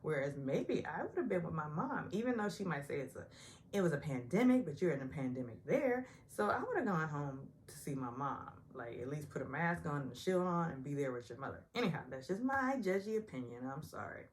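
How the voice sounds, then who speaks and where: A middle-aged woman chats through a reality TV recap in a lively, swooping voice pitched on the low side. She is opinionated and talkative, slipping into high mimicking voices to quote people. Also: brisk, a little hiss or hum. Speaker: recap vlogger.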